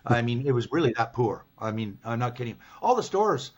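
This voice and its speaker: An older man with a Canadian accent, a business professor guest in an interview, telling stories in a lively, animated way. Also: mid-range voice, fairly quick, a little hiss or hum. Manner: lively, animated, acts out his own past lines. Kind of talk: storytelling in an interview. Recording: dull, lo-fi sound.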